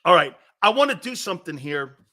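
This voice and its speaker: A man's voice: high voice, very animated, a little fast, sharp tone. A middle-aged man hosting a sports talk show, chatting casually, laughing often mid-sentence and firing questions at his crew. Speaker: sports radio host.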